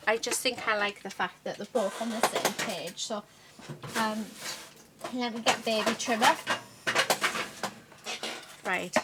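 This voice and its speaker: Woman, craft-channel host, rambling chatty tutorial, noisy recording with tool clicks. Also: mid-range voice. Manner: chatty, rambling, many fillers.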